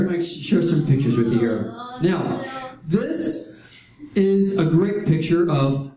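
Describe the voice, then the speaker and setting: A man's voice: fairly high pitch, dark tone. A man preaching a sermon, telling stories with humorous asides. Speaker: pastor. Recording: echoey hall with audience.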